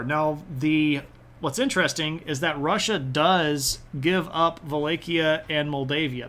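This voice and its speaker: Male history streamer, slightly high voice, casual and jokey, answers chat, chuckles. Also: fairly bright tone. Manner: joking, does quick silly voices for nations.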